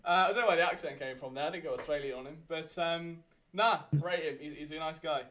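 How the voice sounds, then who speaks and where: Chatty British man, higher voice. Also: quick pace. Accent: British English. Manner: chatty, self-correcting, excitable. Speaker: host. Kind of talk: live draft watchalong chat.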